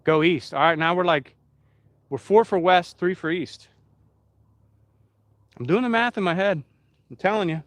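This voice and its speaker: A man's voice: high-pitched, normal speed, pauses often, a bit bright, no room sound. Chatty man live-streaming. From Pennsylvania. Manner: rambling, chatty, talks straight to the chat. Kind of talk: casual live-stream chat.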